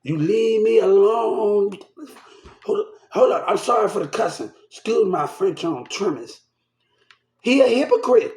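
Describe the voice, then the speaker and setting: A man's voice: high voice, lively intonation, measured pace, creaky, darkish tone, echoey room. An upset man ranting to the camera, agitated and repeating himself, shaken and swearing. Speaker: vlogger. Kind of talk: angry rant to camera.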